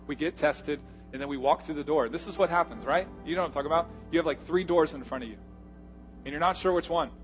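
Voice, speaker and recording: A male pastor preaching a sermon, swinging from loud, punchy lines to hushed, quiet asides. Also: a little high.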